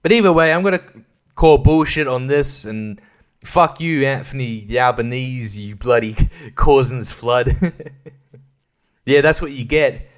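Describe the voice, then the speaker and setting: A man's voice: medium pitch, measured pace, long pauses, clear, resonant tone. An Australian man hosting a solo podcast, rambling casually with lots of swearing and stumbling restarts. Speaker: podcast host.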